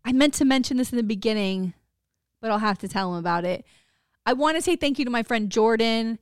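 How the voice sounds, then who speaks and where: A middle-aged woman co-hosting a chatty podcast, talking candidly and swearing without a second thought. Her voice sits a little high, and the recording is close and dry, with no room echo. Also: animated, a little fast, smooth. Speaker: podcast co-host. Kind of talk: casual chat.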